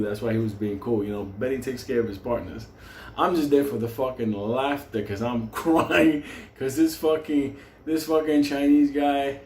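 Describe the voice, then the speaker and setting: A man's voice: a little high, warm tone. Guy from new york telling a crude story, laughs a lot, echoey room with faint hum. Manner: profane, laughs through his words. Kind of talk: casual storytelling. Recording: roomy echo, faint hum.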